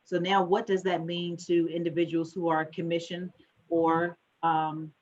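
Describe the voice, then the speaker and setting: Lady financial advisor giving a conference talk, gets excited and talks fast, dull lo-fi sound. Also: on the low side.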